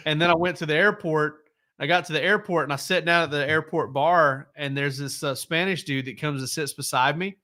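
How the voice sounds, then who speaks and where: A man's voice: fairly high pitch, a little fast, bright, forceful tone. A man, a sports reporter, telling laid-back stories on a casual podcast, rambling with many fillers and restarts.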